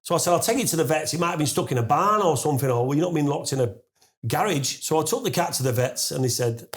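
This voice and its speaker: A man in his forties, a podcast guest, telling a long anecdote with lots of fillers and restarts, and getting louder and higher as he laughs through the punchline. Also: fast talker. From England. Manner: animated storyteller, rising to loud laughing disbelief; frequent fillers and restarts, swears casually. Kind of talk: storytelling in a podcast interview.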